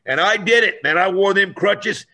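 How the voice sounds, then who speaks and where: A man telling a story in a lively, animated way, acting out voices and raising his voice for effect. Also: high voice, normal speed, vocal fry.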